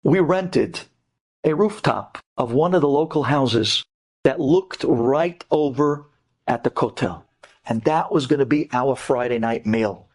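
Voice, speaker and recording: A man, a rabbi telling an inspirational story, animated and swinging between hushed and soaring tones, with Hebrew terms mixed in. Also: medium pitch, unhurried. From United States. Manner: sprinkles Hebrew terms into speech.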